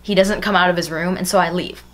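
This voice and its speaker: A woman's voice: fairly low pitch, fairly even intonation, fast talker, a bit bright. A young woman telling a personal story in a casual vlog, chatty and full of "like.". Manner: chatty, fillers of "like" throughout. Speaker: storytime vlogger.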